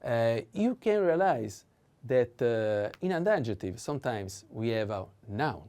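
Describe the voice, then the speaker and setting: A man gives a language lesson, saying each word several times at a slow, patient pace. His voice sits at an everyday pitch with a mellow, dark tone, and he pauses often with small fillers. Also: sing-song. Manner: patient, repeats words slowly, frequent fillers. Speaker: Italian teacher.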